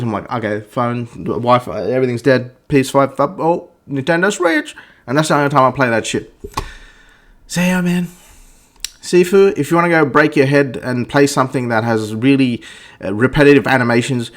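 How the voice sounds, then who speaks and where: A man at an ordinary middle pitch rants through a blunt game review, swearing often. He stumbles over words and restarts sentences as he goes. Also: fairly bright tone. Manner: profane, blunt, stammers and restarts. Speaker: gaming vlogger. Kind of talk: ranting game review monologue.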